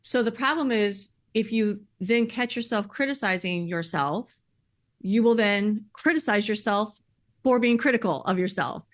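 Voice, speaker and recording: A woman shares her own experience on a podcast in an earnest, heartfelt way. She talks in a mid-range voice, animated and open, and often fills her sentences with "like" and "you know.". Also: medium pitch, moderate pace. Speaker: podcast speaker sharing personal experience. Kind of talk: earnest conversational podcast talk.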